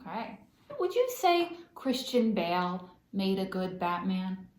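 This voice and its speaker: A woman's voice: medium pitch, sing-song, measured pace, darkish tone. A young woman, a comedian hosting the show, quizzing her father with playful, teasing banter. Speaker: comedian host. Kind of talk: comedic interview. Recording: roomy echo.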